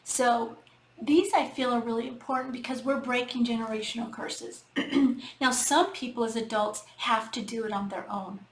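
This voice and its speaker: A woman's voice: a little high, fairly even intonation, normal speed. A middle-aged woman, a healing coach, giving casual spoken advice in an earnest, repetitive way, talking straight to her listeners. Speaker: healing coach and podcast host. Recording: echoey room with faint background noise.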